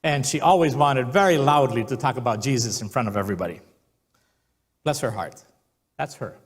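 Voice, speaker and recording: A man's voice: medium pitch, a little fast, slightly rough. A man preaching a sermon as pastor, telling stories and acting out the quotes. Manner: storytelling, acts out quotes.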